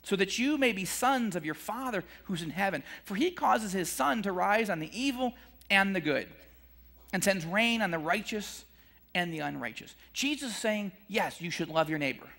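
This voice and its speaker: Guy preaching casual-style, high lively voice, does little voices for the people in the story. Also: normal speed, vocal fry, big-room sound. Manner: animated, acts out disciples' complaints with a jump in pitch; chuckles between points. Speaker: Christian speaker teaching scripture. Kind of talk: conversational sermon.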